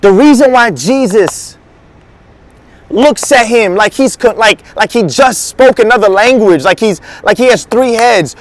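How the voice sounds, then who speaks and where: A male teaching pastor with a high voice preaches in a loose, slangy, conversational way. He slips into acted quotes as he teaches. The sound is dry and close. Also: expressive, measured pace, dry recording. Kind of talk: casual sermon teaching.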